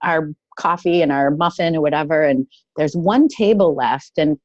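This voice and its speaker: Woman, casual storyteller, halting with fillers, dry close sound, dull lo-fi audio. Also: low voice, dry recording. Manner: thoughtful, halting, with many fillers.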